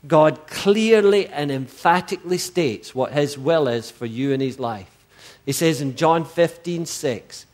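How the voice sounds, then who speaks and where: A man's voice: on the high side, a little slow. A middle-aged man preaching a sermon as pastor, emphatic and driving home his points with repeated rhetorical questions.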